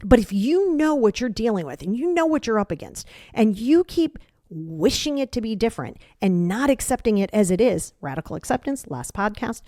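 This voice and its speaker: A woman's voice: fairly high pitch, very animated, brisk, dark tone, no room sound, studio quality. A middle-aged woman hosting a solo podcast, giving blunt, emphatic tough-love advice about emotions as a coach.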